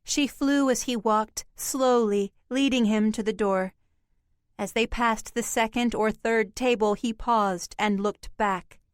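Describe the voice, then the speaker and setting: A woman reads an audiobook at an unhurried, deliberate pace, her storytelling measured and even. The sound is dry and close, with no room around her voice. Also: fairly high pitch, smooth, dry recording. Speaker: audiobook narrator. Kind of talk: scripted audiobook narration.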